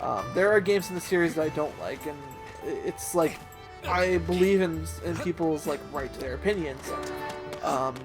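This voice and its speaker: A man with a high voice chats through a let's play, halting, self-deprecating and hesitant, his talk full of ums and likes. Game music plays clearly underneath.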